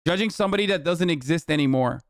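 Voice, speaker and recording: A live streamer with a higher-pitched voice rants quickly into a close mic while doing reaction commentary. His tone is heated, profane, and sarcastic, and the recording has no echo.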